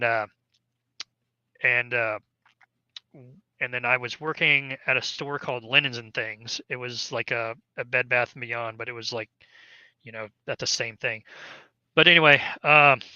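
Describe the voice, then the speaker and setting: A man's voice: medium pitch, sharp tone, no echo, muffled recording. A man, an army veteran, casually telling a long story in an interview, rambling with many fillers and restarts.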